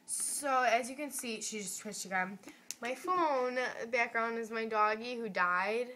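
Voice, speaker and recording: A young woman casually telling a funny story in a vlog, giggling and animated as she goes. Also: a little high, a little slow, a little hiss or hum. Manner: giggly, animated, laughs through her story. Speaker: vlogger.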